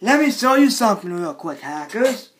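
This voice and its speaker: A man vlogging an angry, repetitive rant, often shouting and scolding. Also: sits high, sing-song, normal speed, slight background noise.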